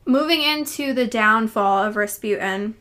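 A woman's voice: fairly high pitch, a little slow, fairly bright tone. A young woman co-hosting a casual history podcast, chatty, laughing often and reading quotes aloud. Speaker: podcast co-host.

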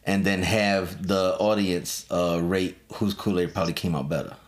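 A man's voice: sits low, fairly even intonation, moderate pace. A man hosting a podcast in casual chat, teasing his friends, laughing often and swearing. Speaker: podcast host.

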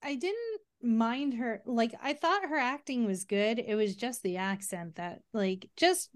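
A woman taking part in a casual podcast chat in a relaxed, offhand way. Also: fairly high pitch, unhurried, dry recording, clean studio sound. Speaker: podcast guest.

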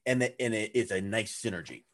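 A man being interviewed as a business coach, talking loosely and animatedly, slipping into acted-out voices with big jumps in pitch. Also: fairly quick, a bit bright. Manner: loose and chatty with fillers. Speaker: guest, authority positioning coach. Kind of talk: conversational podcast interview.

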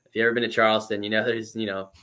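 A man in his twenties, a former pro baseball player, telling stories as a guest in a casual interview, chatty and lively with lots of fillers. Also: on the low side, rapid-fire.

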